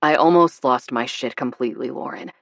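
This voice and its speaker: A blustering, teasing grown man from an audiobook, read by a woman narrator. The voice sits low and gruff, recorded dry and close with no room sound. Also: fairly quick, a bit bright, no echo, full character voice. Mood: earnest.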